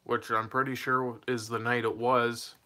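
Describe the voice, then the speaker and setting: Bright-voiced young man rambling through a story. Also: medium pitch, flat delivery, a little slow. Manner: rambling, laughs mid-sentence, loses his train of thought. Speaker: vlogger telling a personal story. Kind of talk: casual storytime.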